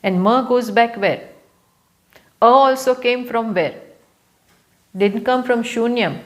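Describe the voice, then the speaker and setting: A woman with a fairly high voice and an Indian English accent teaches scripture live at a talk venue. Her spiritual lecture moves slowly, with key phrases repeated to drive them home.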